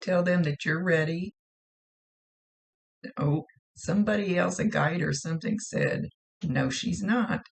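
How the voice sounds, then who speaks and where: A woman's voice: sits low, measured pace, vocal fry, long pauses. A woman psychic medium giving a casual spirit reading in a chatty, self-deprecating way, often repeating herself.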